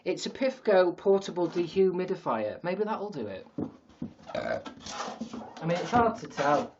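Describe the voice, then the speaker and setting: A man's voice: high-pitched, very animated, a little slow, dull audio, background noise. A man with a Yorkshire accent, rambling and self-mocking on a casual livestream from an attic, with some swearing. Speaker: livestream host. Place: sister's attic.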